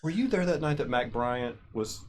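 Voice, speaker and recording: Man, talk show host, casual chat, playful teasing, clear background noise. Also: medium pitch, expressive, moderate pace. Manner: teasing, playful, laughs often.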